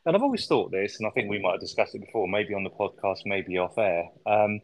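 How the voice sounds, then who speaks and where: A man's voice: on the low side, animated, fast, rough recording. A man co-hosting a podcast, chatting casually about a film, recapping scenes and swearing freely. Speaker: podcast co-host.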